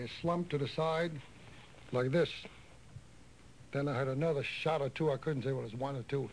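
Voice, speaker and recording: A man telling his eyewitness account in a live TV interview, halting and shaken. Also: medium pitch, a little mellow, slight background noise, poor audio.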